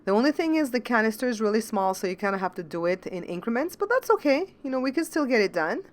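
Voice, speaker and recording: A woman's voice: on the high side, big pitch swings, fast, a little hiss or hum. A woman hosting a home cooking show in casual chat, chatty and repetitive, talking to viewers as guys. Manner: chatty, repeats words, addresses viewers as guys.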